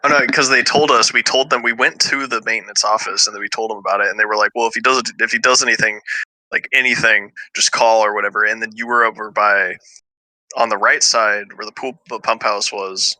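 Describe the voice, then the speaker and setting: A young man with a very bright, forceful voice chats bluntly with his friends and swears freely. The sound is dry and close. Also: lowish voice, steady tone, a little fast, dry recording, rough recording. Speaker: friend and co-host. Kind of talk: casual chat among friends.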